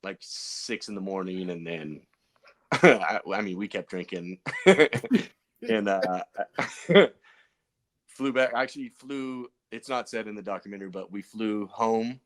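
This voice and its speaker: A pro BMX racer, a guest on a podcast, tells stories in a loose, rambling style packed with fillers and restarts. His voice is fairly low and his pace a little slow.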